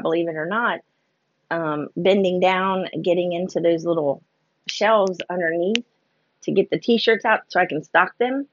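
Chatty low-voiced woman rambling. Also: no echo. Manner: chatty, rambling, self-deprecating, heavy on "like" and "you know". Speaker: vlogger. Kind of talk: casual storytelling vlog. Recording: dull lo-fi recording.

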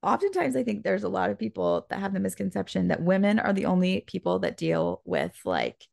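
A woman's voice: medium pitch, a little fast, gravelly, no echo, studio quality. A young woman co-hosting a podcast, telling a personal story in a casual, chatty way with many fillers. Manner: animated, chatty, frequent "like" fillers. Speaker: podcast co-host.

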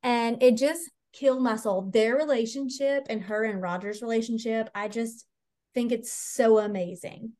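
Podcast co-host, woman, fan gushing, slightly high voice, casual retelling. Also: moderate pace, warm tone. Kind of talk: casual chat.

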